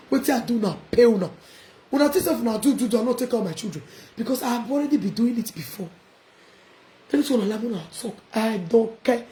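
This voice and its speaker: A woman with a high voice and a Nigerian Pidgin accent rants defiantly on a live video. Her voice carries an echo from the room around her. She laughs and shouts as she talks. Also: animated, a little fast, pauses often, slight background noise. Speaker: vlogger. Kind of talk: casual live-video rant.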